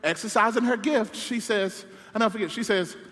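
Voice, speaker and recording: A man preaches a comedic sermon, animated and playful, breaking off for self-deprecating asides. His voice sits high and sounds bright and forceful. It rings with the long reverb of a large sanctuary. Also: a little fast. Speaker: pastor.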